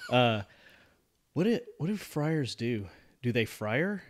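A man's voice: medium pitch, sing-song, slow, slight background noise. A man hosting a podcast in a casual, rambling and jokey way. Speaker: podcast host.

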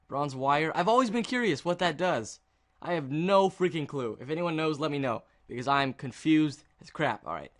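Excitable man doing jokey game commentary. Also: on the high side. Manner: excitable, jokey, mock-dramatic outbursts. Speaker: gaming video creator. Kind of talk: casual gameplay commentary.

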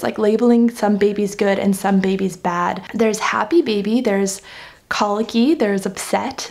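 A woman's voice: mid-range voice, darkish tone. A young adult woman talking earnestly and reflectively in a casual vlog about parenting, with frequent "you know" and "like". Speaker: parenting vlogger.

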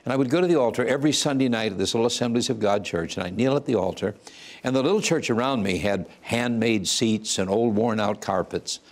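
A man's voice: mid-range voice, fast. A man in his eighties, a guest earnestly telling his life story and acting out the voices he quotes. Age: 80s. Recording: music playing under the voice. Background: soft music.

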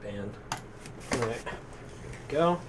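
A man hosts a card break, rattling off teams and cards with a jokey, easygoing patter. He sits back from the microphone, so he sounds distant. A clear hum of room noise runs behind him. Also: mid-range voice, expressive, very slow. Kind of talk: casual live card-break chat. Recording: distant mic with noisy room.

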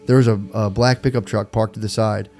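A man's voice: fairly low pitch, steady tone, a little fast, a little mellow, soft background music. A man co-hosting a podcast, telling a crude story in a laid-back, slangy way and laughing often. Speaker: podcast co-host.

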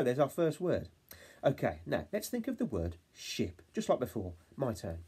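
A young male teacher from England talking to young children in a home-learning phonics lesson, saying words slowly sound by sound and prompting them to repeat after him. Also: medium pitch, huge pitch swings, warm tone, slightly rough. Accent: English. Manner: slow, sound-by-sound modelling with call-and-response prompts. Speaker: reception class teacher.

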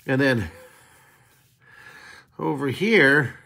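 A man's voice: mid-range voice, expressive, very slow, gravelly, sharp tone. A man hosting a live drawing lesson, chatting cheerfully with viewers and answering their comments as he sketches. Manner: chatty and upbeat, talking to viewers while sketching. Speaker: drawing teacher and show host.

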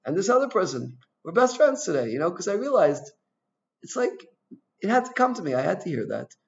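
Chatty rabbi, lo-fi class recording. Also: male voice, high-pitched, big pitch swings, a little fast, gravelly. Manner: chatty, full of "you know" and "like", tells personal stories; asks the audience questions. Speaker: rabbi teaching a Torah class. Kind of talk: informal Torah lecture. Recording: dull lo-fi recording.

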